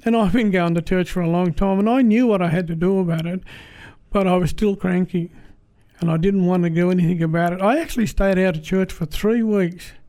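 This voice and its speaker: High-voiced Australian man, plain-spoken. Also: dark tone. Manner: plain-spoken, halting, earnest. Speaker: speaker giving a church testimony. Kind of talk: personal testimony.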